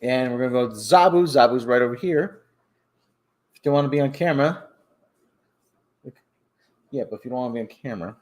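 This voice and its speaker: A man's voice: fairly quick, pauses often, a little mellow. A male host on a casual live stream who coos at his cats in baby talk. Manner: baby-talks to cats in a high coo.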